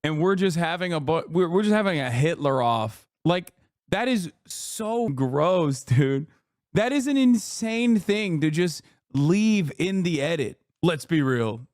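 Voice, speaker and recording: A man's voice: a little high, expressive, a little slow, a little mellow, dry recording, studio quality. A man streamer giving profane, sarcastic commentary on a video. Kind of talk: casual live-stream commentary.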